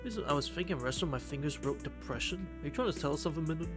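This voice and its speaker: A man's voice: on the high side, rapid-fire. A man live-streaming a game, reading its text aloud and chatting, swearing freely. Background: game music.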